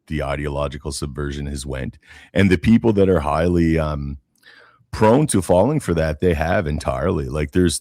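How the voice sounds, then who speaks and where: A man's voice: extremely low pitch, darkish tone, no echo, clean studio sound. A man from Canada co-hosting a casual political podcast, talking bluntly and swearing freely, often restarting his sentences. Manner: blunt, profane, repeats words when starting. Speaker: podcast co-host.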